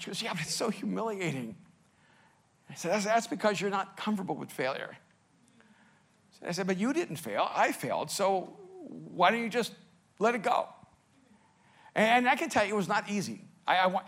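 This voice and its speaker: This middle-aged male pastor preaches through stories, laughing at himself and swinging between loud bursts and hushed lines. His pitch is fairly high, with some vocal fry.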